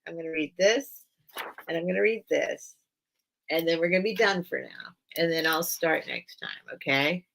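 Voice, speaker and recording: A woman hosting a casual live sale stream, reading a children's book aloud and choking up, with halting restarts. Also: low voice, gravelly, fairly bright tone. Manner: emotional, choking up while reading; slow, halting, with many restarts.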